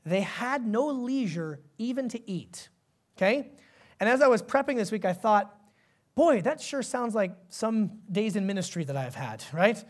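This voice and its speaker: A male pastor delivers his sermon in a conversational, animated way, his voice sitting high, and he often turns to put questions to the congregation.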